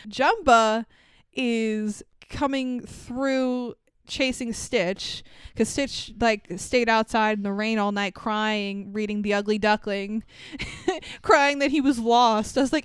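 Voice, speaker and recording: A woman's voice: a little high, smooth, no room sound, studio quality. A woman co-hosting a podcast, casually recapping a film with lots of swearing and laughter. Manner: profane, laughing, acts out quotes. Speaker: podcast co-host. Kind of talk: casual chat.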